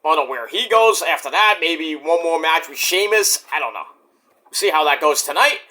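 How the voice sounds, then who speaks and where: A young man giving a casual, rambling wrestling event review, excitable and profane, with sudden shouts. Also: fairly high pitch, normal speed.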